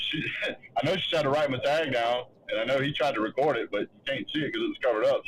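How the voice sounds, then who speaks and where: Male host, casual, hesitant storyteller, faint hiss behind. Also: medium pitch. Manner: halting, restarts often, acts out others' lines. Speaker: show host. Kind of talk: casual chat, telling a story.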